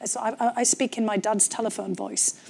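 A woman's voice: mid-range voice, fairly even intonation, brisk, gravelly, noisy background. Woman w/ north east english accent, chatty candid guest, lots of um and you know. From North East England. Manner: candid, storytelling with frequent fillers. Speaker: guest, former government official. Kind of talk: conversational interview.

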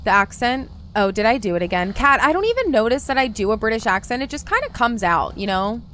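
A woman's voice: fairly high pitch, big pitch swings, quick pace, pushed and bright, a little hiss or hum. A woman streaming a game, chatting casually and talking to her viewers by name. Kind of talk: casual live-stream chat while gaming.

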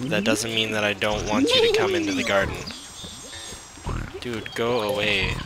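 A man's voice: fairly low pitch, wildly swooping pitch, moderate pace. A man giving casual gameplay commentary and exasperatedly scolding the creatures in his game. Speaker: let's play host. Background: game music.

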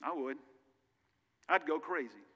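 A male pastor preaches a sermon in a high-leaning, bright, forceful voice, animated yet unhurried. He's earnest and conversational, dropping candid personal asides, and the large church sanctuary surrounds him with long reverb.

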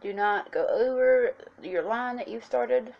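A makeup vlogger with a fairly high, gravelly voice talks at a measured pace over lo-fi sound. In her casual tutorial she chats directly with viewers, calling them "guys" and explaining each step in an instructive way.

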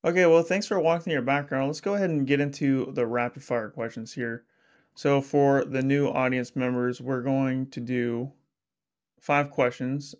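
A man hosting a casual interview, upbeat and chatty with plenty of "like" fillers. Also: medium pitch. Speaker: podcast host.

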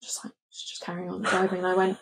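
Casting: lively young British woman, co-hosting a chatty podcast, bursts into funny put-on voices. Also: fast, creaky, slight background noise. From England. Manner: animated, acts out quotes with big pitch jumps, swears freely. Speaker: podcast co-host. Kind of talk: casual chat, storytelling.

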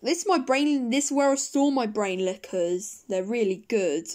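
A woman's voice: a little high, normal speed, a little mellow, lightly acted. A woman voicing a playful, cheeky penguin who loves candy and teases friends, in a toy play-acting style.

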